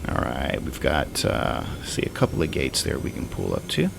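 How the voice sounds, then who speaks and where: A man's voice: rumbling low, wildly swooping pitch, normal speed, vocal fry, noisy background. A man streaming a flight simulator, thinking aloud in casual, rambling commentary.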